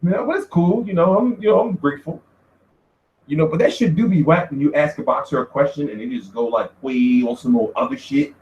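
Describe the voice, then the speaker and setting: A man's voice: on the high side, brisk, lo-fi sound. A man hosting a boxing vlog, telling stories in a casual, profane, slangy way with frequent laughter. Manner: animated, laughing, slangy storytelling. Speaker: boxing media vlogger. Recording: roomy echo.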